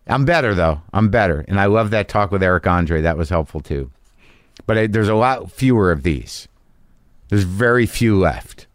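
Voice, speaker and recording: A man's voice: sits low, no echo. A middle-aged man delivering a rambling, profane, self-deprecating monologue as a podcast host. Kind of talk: casual monologue.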